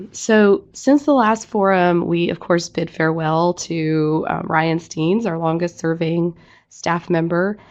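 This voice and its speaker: A woman executive director with a hoarse, croaky voice from losing it, giving a businesslike staff update with fillers. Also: lowish voice, slow pace, a little mellow, dull audio. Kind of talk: online presentation.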